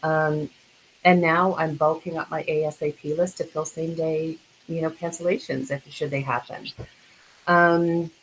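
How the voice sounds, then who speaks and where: A woman presenting in a webinar, earnest and a little halting, sometimes acting out phone scripts. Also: sits low, steady tone, a little hiss or hum, low-quality recording. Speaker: dental practice consultant speaker.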